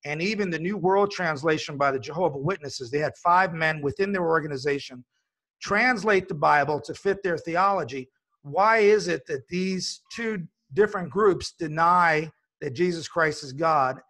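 A man's voice: a little high, normal speed, a bit bright. A man hosting a religious broadcast, talking in an earnest, emphatic way with frequent fillers and restarts. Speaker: host.

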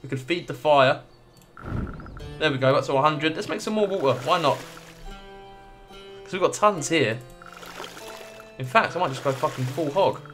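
A man's voice: a little high, animated, normal speed, pauses often, a bit bright, faint music behind. Swearing man doing game commentary. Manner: swears freely and reads game text aloud. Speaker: gaming video creator. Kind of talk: casual gameplay commentary.

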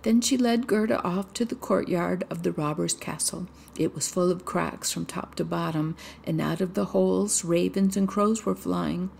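A woman reading a fairy tale aloud in a measured, steady storytelling manner. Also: lowish voice, vocal fry, slight background noise.

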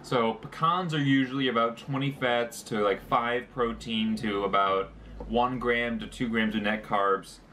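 A man's voice: medium pitch, steady tone, measured pace, sharp tone. A young man talks through his favorite snacks in a loose, joking vlog manner, stopping for fillers as he lists numbers. His voice sits in a middle range. A faint hum of background noise runs under the recording. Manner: chatty, joking, listing details with fillers. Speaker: vlogger. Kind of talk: casual snack review vlog.

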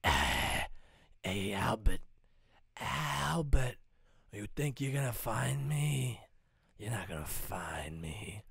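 A man voicing a sinister male villain who taunts in a breathy whisper. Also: lowish voice, very animated, slow, a bit bright, dry recording, clean studio sound, heavily acted. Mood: taunting.

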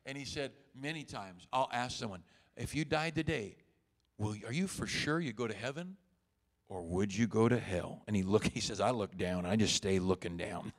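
A man, a pastor, giving a folksy church sermon, acting out conversations and chuckling often. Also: mid-range voice.

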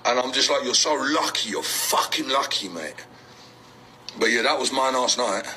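A man's voice: medium pitch, normal speed, pushed and bright, slight background noise, rough recording. A man ranting aggressively in a social media clip, slangy and threatening. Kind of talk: TikTok video rant.

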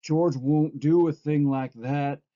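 A childlike, simple-minded big man pleads in a raised, mellow voice, as a man reads him aloud. The recording sounds dull and lo-fi. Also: medium pitch, fairly even intonation, takes it slowly, lightly acted. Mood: stubborn.

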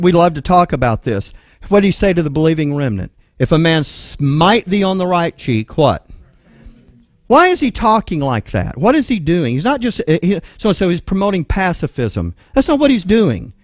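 Reading scripture aloud and then unpacking it verse by verse, this Texan preacher speaks in a high, darkish voice, posing questions to the room before supplying the answers. He asks an assistant for the next slide, and the studio recording is clean and echo-free.

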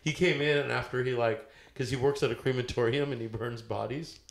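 A man's voice: mid-range voice, fairly even intonation, brisk, creaky, over a noisy crowd. A man hosting a comedy podcast, joking crudely and laughing often as he talks. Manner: laughs often, jokey and provocative. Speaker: podcast host. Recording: echoey room with faint noise.

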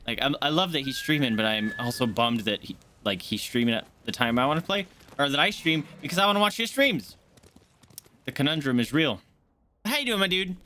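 A man live-streaming a game, chatting casually and excitably with his viewers from a home setup. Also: on the high side, brisk, a little hiss or hum. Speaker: gaming streamer.

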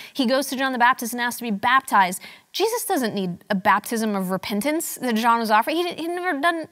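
A woman's voice: on the high side, a bit bright. A woman in her thirties preaching a sermon in a church, conversational and wry, with frequent restarts. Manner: conversational, self-deprecating humor, frequent restarts. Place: church sanctuary.

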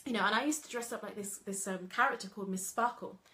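A woman running an online coaching program, talking to viewers in a chatty, lively live stream, full of "like" and "you know.". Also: mid-range voice, quick pace. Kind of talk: casual live stream talk.

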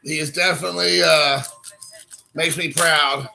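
A man in his thirties hosting a casual stream while opening trading card packs, excitable and rambling, calling people dude. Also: fairly high pitch, unhurried, creaky, faint music behind, rough recording. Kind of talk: casual live-stream chat.

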